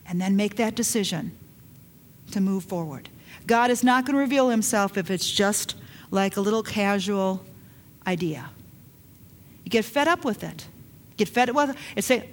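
A middle-aged woman preaching a sermon, emphatic, dropping to hushed lines and rising to loud urgent calls. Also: fairly high pitch, normal speed. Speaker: pastor.

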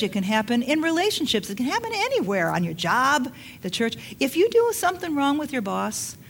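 A woman's voice: fairly high pitch, a little hiss or hum. A woman pastor preaching a sermon in an earnest, repetitive way, with bursts of laughter.

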